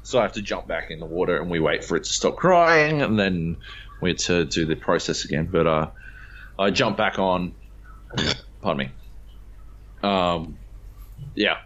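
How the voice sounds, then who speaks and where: A man's voice: sits low, moderate pace, pauses often. A man co-hosting a gaming podcast, telling a story with lots of swearing and acted-out voices. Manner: animated storyteller, swears freely, acts out voices. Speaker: podcast co-host. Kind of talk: casual chat. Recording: dull lo-fi podcast audio.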